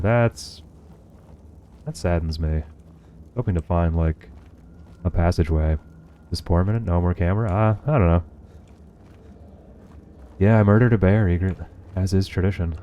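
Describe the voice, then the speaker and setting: With a deep, warm, clear, and resonant voice, this young man chats casually with viewers during a gameplay livestream. His running commentary is sarcastic and profane.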